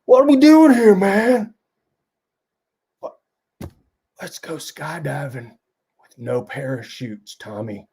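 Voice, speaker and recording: A man's voice: a little high, takes it slowly, pauses often, mellow, husky, voice pushed up, heavily acted. A man voicing an impatient male adventure hero, putting on a brash, pushy Brooklyn accent. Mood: exasperated.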